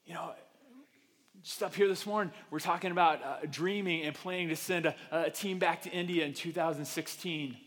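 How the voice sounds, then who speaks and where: A man preaching a sermon in an animated, self-deprecating way, acting out the voices he quotes, in a church auditorium. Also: a little high, moderate pace. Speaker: pastor. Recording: reverberant hall.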